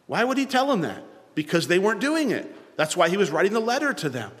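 Male preacher with a slightly high voice, dynamic delivery that swings from loud to hushed, long room reverb. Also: sing-song, fast talker. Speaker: pastor. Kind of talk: sermon.

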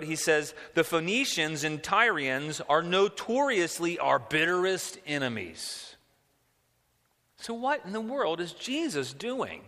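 A male preacher delivers a sermon with a bright, forceful, slightly high voice. He asks rhetorical questions and often doubles back on his words. The sound carries a long reverb from a large hall.

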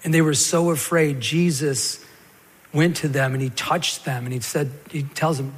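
A man preaching a sermon as a pastor, telling the scripture story in a lively way and acting out the stammering parts. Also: on the high side, normal speed, breathy edge. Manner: animated storytelling, acts out Peter's stammer. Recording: long hall reverb.

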